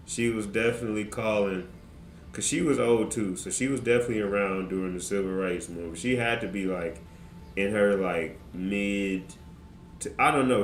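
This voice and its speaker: A man's voice: lowish voice, a little hiss or hum. A man streaming, telling a rambling, profane story in a casual way and laughing often. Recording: echoey room with background music.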